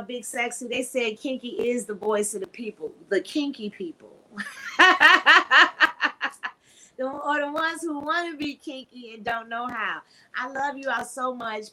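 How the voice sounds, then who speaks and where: A woman hosting a casual live podcast, talking frankly and preachily, her voice swinging between loud and soft. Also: fairly high pitch, low-quality recording. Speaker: podcast host.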